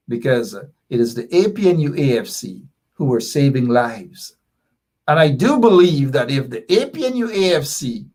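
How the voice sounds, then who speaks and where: A man with a Guyanese accent hosting a political radio talk show, emphatic, often tagging "right?" and swinging between loud high bursts and low asides. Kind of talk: political call-in commentary.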